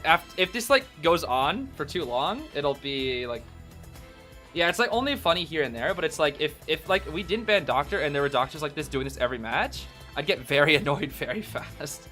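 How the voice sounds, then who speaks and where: A young man casually commenting on a tournament he is watching. He is excitable, uses slang, and breaks into shouts and cries of despair. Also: on the high side, normal speed. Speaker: gaming commentator reacting to a tournament. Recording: faint background music.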